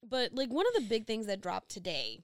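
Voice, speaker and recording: Woman podcast co-host, excitable and joking, mid-pitched, dry close sound. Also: a little fast, no room sound. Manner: excitable, jokey, laughs often. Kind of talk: casual chat.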